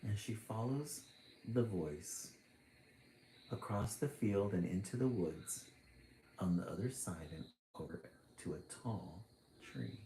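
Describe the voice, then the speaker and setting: A man reading a children's picture book aloud, expressive, with chatty asides between passages. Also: lowish voice, slow pace, creaky, echoey room, a little hiss or hum, rough recording. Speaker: storytime reader.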